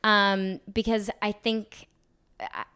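Smooth-voiced young woman, chatty guest. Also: medium pitch, little pitch movement, slow, sharp tone. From Australia. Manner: chatty, laughs often, frequent "like" and "um". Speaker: guest actress. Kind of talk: casual interview chat.

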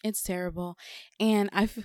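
A woman's voice: medium pitch, fairly even intonation, normal speed, darkish tone, clear, resonant tone, dry recording, clean studio sound. A young woman on a podcast, chatting candidly and confessionally and repeating words for emphasis. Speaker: podcast co-host or guest. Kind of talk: casual podcast chat.

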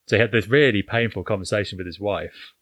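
Deep-voiced man recapping a film. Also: fast talker, a bit bright, no echo. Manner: retells scenes, swears casually. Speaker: podcast co-host. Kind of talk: casual film review chat.

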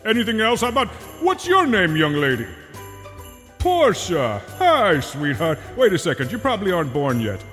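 A man's voice: high-pitched, wildly swooping pitch, a bit bright, voice pushed up, full character voice. A man playing a crude, tired mall Santa in an improvised comedy role-play, drawing out his words and slipping in profane asides. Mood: rambling. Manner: slow, drawn-out delivery with sudden profane asides. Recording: echoey, with faint music behind.

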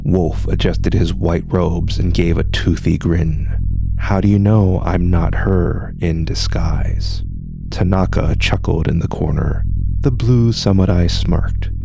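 Deep gravelly male storyteller. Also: dark tone, dry recording, studio quality. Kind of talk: scripted story narration.

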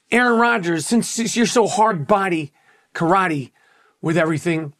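A man with a New York accent hosting a podcast, ranting in a brash, profane, repetitive way. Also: high voice. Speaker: podcast host.

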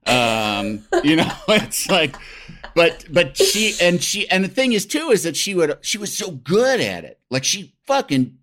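A man's voice: fairly high pitch, a little slow. A middle-aged man, a talk show sidekick, telling rambling stories in casual chat, swearing freely. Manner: animated, rambling, swears freely, lots of fillers.

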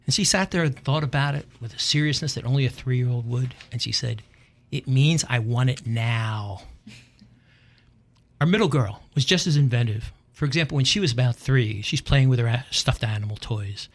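Dry, gravelly-voiced man telling wry stories. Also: mid-range voice, brisk, few pauses. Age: middle-aged. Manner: dry, wry storytelling with deadpan punchlines. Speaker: radio host. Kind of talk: humorous monologue rant.

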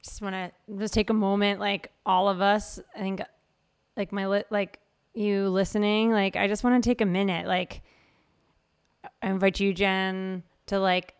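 A woman hosting a podcast, softly guiding listeners through a short mindfulness pause and talking casually with her guest. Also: mid-range voice, flat delivery, clear, resonant tone. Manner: soft, gently guiding. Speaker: podcast host. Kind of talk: casual conversation and guided meditation.

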